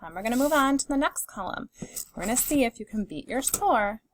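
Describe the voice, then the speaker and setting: A woman teaching a phonics lesson to young children, sounding out words slowly and clearly and encouraging them. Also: on the high side, expressive, a little hiss or hum.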